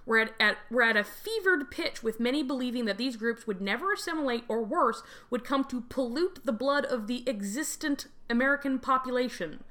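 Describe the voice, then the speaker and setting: A woman's voice: fairly high pitch, animated, fairly quick, hardly any pauses, pushed and bright. A woman hosting a podcast, reading a scripted history narration with wry, dry asides. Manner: wry, dry humor, frequent laughs. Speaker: podcast host.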